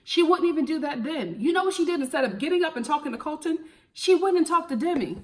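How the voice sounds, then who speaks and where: A young woman with a Philadelphia accent recaps TV in a sassy, animated, opinionated way and throws in plenty of slang. Her voice sits a little high for a woman. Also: fast talker. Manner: sassy and animated, drops slang like honey and girl. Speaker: TV recap vlogger.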